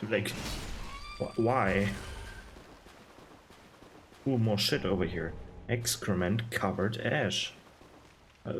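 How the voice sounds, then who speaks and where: A man's voice: lowish voice, slow, long pauses, a little hiss or hum. A man giving casual, sarcastic gameplay commentary, rambling and disgusted. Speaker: gaming video host.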